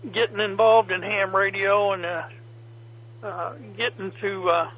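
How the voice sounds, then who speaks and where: A man's voice: high-pitched, a little hiss or hum. A man from south central Illinois checking into a radio net, rambling in a friendly way with many fillers. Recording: dull lo-fi radio audio.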